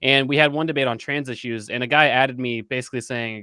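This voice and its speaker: A man's voice: medium pitch, steady tone, quick pace, pushed and bright, clean tone, no echo, clean studio sound. Hesitant man in casual chat. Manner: hesitant, many restarts, laughs easily. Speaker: podcast co-host.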